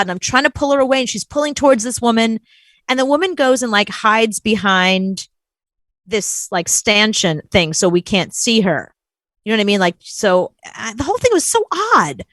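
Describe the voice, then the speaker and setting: Animated woman telling a story. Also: fairly high pitch, moderate pace, no echo. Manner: animated, acts out quoted voices. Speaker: co-host. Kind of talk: casual storytelling chat.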